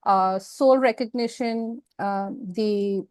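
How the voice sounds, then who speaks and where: A woman speaking as an interview guest, telling a personal story in a frank, emotional, expressive way. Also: mid-range voice, slow, dry recording.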